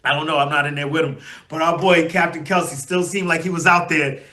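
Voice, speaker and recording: A man hosting his own fan channel, talking in rambling, heartfelt commentary with lots of fillers and sudden excited outbursts. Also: a little high, fairly quick. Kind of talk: emotional solo fan commentary.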